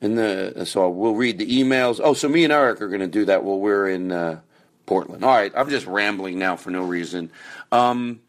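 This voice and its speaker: Rambling podcast host man, loud swings. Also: fairly low pitch, moderate pace. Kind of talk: casual rambling monologue.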